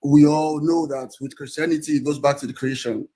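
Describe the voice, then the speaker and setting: A man's voice: on the high side, steady tone, brisk, dark tone. A man calling into a live audio-room debate, arguing and pleading, often restarting and repeating himself. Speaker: caller in a debate.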